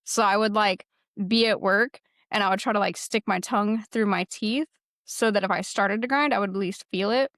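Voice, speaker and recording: Candid young woman with a gravelly voice. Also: medium pitch, normal speed, a bit bright, no room sound, clean studio sound. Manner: candid, rambling, heavy on fillers. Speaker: podcast co-host. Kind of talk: casual chat.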